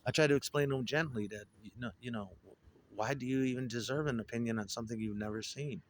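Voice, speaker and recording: A man's voice: mid-range voice, fast talker, slight background noise. A man telling profane, digressive stories in a casual rambling monologue, with a wry, joking manner. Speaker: storyteller.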